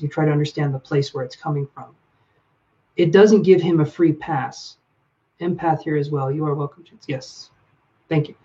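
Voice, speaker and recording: A man's voice: fairly high pitch, dark tone, lo-fi sound. A man on a live stream giving relationship advice, talking to viewers by name in a reflective way. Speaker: livestream reader and relationship advisor.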